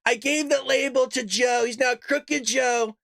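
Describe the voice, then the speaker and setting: A man doing an impression of a brash older male politician, speaking slowly and emphatically. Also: very high voice, fairly even intonation, vocal fry, a bit bright, no echo, clean studio sound, full character voice. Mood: boastful.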